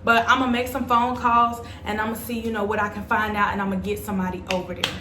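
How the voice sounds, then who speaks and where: A woman's voice: medium pitch, little pitch movement, quick pace, noisy background. Chatty young woman in an echoey room. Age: young adult. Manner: chatty, dramatic storyteller speaking straight to viewers. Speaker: vlogger. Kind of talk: storytime vlog.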